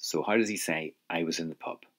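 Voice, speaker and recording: A man's voice: low-pitched, a little fast. A man teaching an audio language lesson, patiently prompting the listener to answer.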